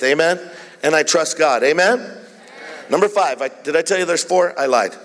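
A man's voice: fairly high pitch, expressive, fairly quick, a bit bright. A man preaching a sermon as a pastor, repeatedly calling out "Amen?" to the congregation. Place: church hall. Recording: long hall reverb.

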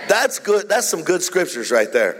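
A male pastor delivers his sermon in a playful, joking manner, spinning funny stories between scripture readings. His voice sits a little high for a man. The sound carries the long echo of a large hall. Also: sing-song, moderate pace, fairly bright tone. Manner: playful, jokey storytelling preacher.

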